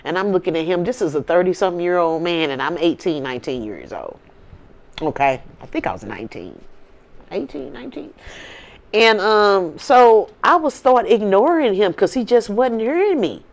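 A woman's voice: lowish voice, big pitch swings, moderate pace. A woman with a St. telling a story in casual talk, blunt and swearing freely. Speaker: vlogger.

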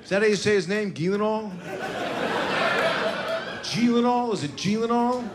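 A high-pitched, fast-talking man in his sixties works a comedy club stage, delivering a brash, profane stand-up set and ribbing the live crowd between stories on the mic. The recording is noisy, captured live in the club.

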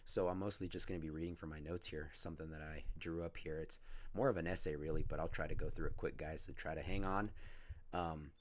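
Very deep hoarse man, loose vlog talk. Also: fairly even intonation, fast talker. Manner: unscripted, rambling, many fillers. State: lost voice from a cold. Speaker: Christian vlogger. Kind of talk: casual talk and spoken prayer.

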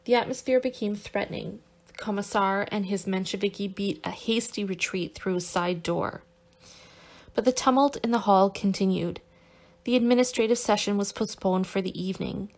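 A woman narrates a novel in a steady, careful reading voice at a middle pitch. She now and then stops to correct a stumbled word. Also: normal speed. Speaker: audiobook narrator.

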